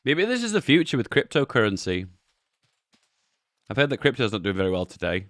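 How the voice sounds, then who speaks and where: A young man, a YouTube host giving relaxed, chuckling commentary on memes and swearing offhandedly. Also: mid-range voice, fairly quick, dry recording, studio quality. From England. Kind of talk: casual commentary.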